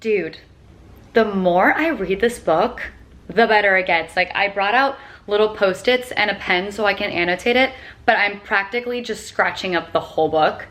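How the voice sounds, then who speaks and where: A woman's voice: mid-range voice, normal speed. Bubbly young woman vlogging, full of "like". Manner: bubbly and excitable, heavy on filler words like "dude" and "like"; reads book passages aloud in a calmer voice. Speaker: lifestyle vlogger. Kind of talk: casual chatty vlog. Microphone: phone camera.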